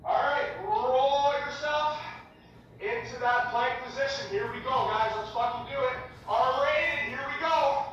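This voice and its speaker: High-voiced woman counting reps in an echoey room. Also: unhurried, lo-fi sound, slight background noise. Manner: counts reps aloud, joking and profane cues. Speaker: fitness instructor. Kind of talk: live workout class instruction. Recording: echoey room, mic far off.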